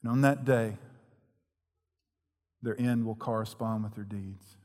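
A pastor preaching an earnest, emphatic sermon in a church hall. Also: male voice, fairly low pitch, fairly even intonation, measured pace, darkish tone. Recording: long echoing hall reverb.

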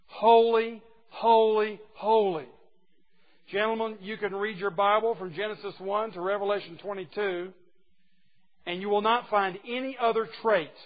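A man preaching a sermon to a group of men, emphatic and folksy, dropping from loud exclamations to hushed asides. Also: high voice, highs cut off. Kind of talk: sermon to a men's gathering.

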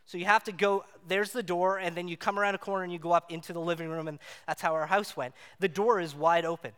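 A man preaching a sermon, telling a personal story in an animated way and acting out the voices in it. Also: high voice, fast, smooth. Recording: long hall reverb.

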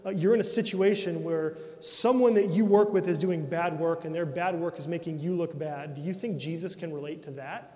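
A man preaching a sermon as pastor, earnest and direct, often dropping to a soft, intimate tone. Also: fairly high pitch, fairly even intonation, moderate pace, few pauses. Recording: long reverb of a large hall.

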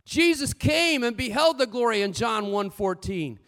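Guy preaching a sermon, gravelly voice, tells stories, goes loud then real quiet, long echo. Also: very high-pitched, moderate pace. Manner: animated preaching with storytelling, swinging between loud and hushed.

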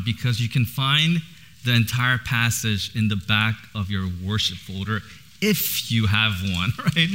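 A man's voice: medium pitch, bright, forceful tone, slight background noise. A man in his thirties preaching in church, casual and chatty, with a lot of laughter. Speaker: pastor. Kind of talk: sermon with personal stories.

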